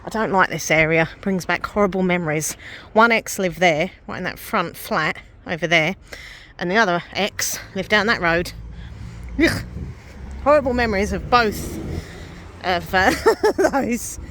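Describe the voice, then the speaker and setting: A woman's voice: on the low side, measured pace, fairly bright tone, a little hiss or hum. A woman from England talking casually to her camera as she walks about and sits in a café, chatty and self-deprecating. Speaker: vlogger. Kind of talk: casual chatty vlog narration. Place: out and about, then inside a busy café.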